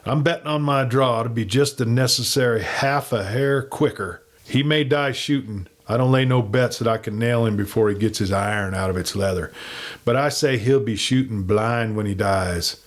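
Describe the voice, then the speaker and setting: A man voicing a gruff, boastful outlaw gang leader with a rough frontier drawl. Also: medium pitch, normal speed, lightly acted.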